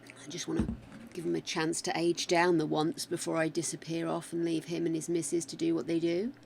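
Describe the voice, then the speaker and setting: A woman's voice: low-pitched, completely flat delivery, fairly quick, vocal fry, slight background noise. An older woman with a slightly wobbly voice, chatting with her viewers and thinking aloud while she plays a game on a live stream. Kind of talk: casual live-stream chat while playing.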